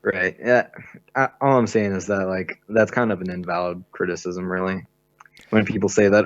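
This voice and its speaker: A man's voice: low-pitched, fairly even intonation, normal speed. A man calling into a live show, rambling in a hesitant way. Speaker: caller. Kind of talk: casual phone-in chat. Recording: dry, dull lo-fi call audio.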